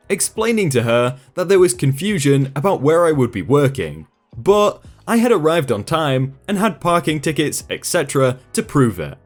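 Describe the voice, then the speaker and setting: A man reading a first-person story aloud in a dry, sarcastic storytelling manner. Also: fairly high pitch. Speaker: storytime narrator.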